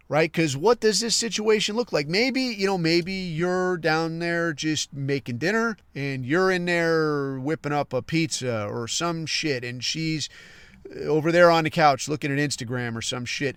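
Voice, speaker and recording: A man's voice: fairly high pitch, fairly bright tone, clean tone, no echo. A man hosting a podcast, talking in a blunt, profane, casual monologue full of "like" and "right". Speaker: podcast host.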